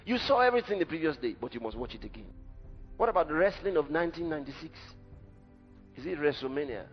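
A man preaching a sermon in an emphatic, dramatic way, rising at times to a shout. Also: a little high, lively intonation, quick pace. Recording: dull lo-fi recording in a reverberant hall with faint music.

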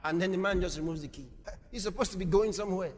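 A man preaching a sermon, moving from quiet storytelling to shouted exhortation. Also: high-pitched, quick pace, long reverb tail.

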